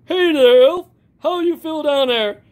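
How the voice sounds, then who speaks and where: A man's voice: extremely high pitch, unhurried, a little mellow, pitched above the performer's own voice. A man voicing Santa Claus, a jolly, bossy old man who laughs "ho ho ho" and scolds his elf.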